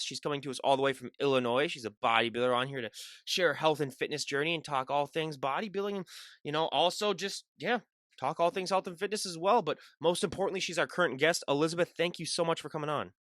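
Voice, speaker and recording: A man's voice: a little high, quick pace, fairly bright tone, no echo, clean studio sound. A Minnesotan man hosting a podcast interview, chatting casually and rambling, often breaking off and restarting his sentences. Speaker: podcast host.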